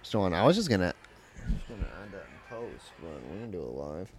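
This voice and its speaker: A man co-hosting a casual podcast, making quiet, mumbled side remarks. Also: low-pitched, very animated, fast talker. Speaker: podcast co-host running the recording. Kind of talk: casual banter.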